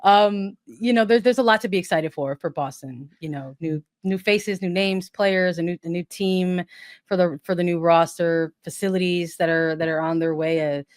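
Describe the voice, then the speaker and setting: A woman with a slightly low voice co-hosts a relaxed interview. She rambles through her question with fillers and restarts. The sound is dry and close. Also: moderate pace, no echo. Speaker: podcast co-host. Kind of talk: casual interview chat.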